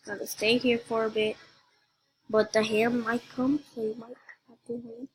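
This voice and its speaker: A woman giving casual gameplay commentary as a channel host, excitable and repeating the same phrases over and over. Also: fairly high pitch, normal speed, a little hiss or hum, poor audio. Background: game music.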